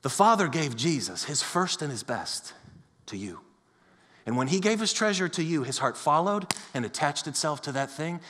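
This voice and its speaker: A man preaching a sermon as pastor, telling stories with lively acted-out dialogue. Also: on the high side, normal speed, in a large hall. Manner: animated storytelling, acts out quoted voices. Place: church sanctuary.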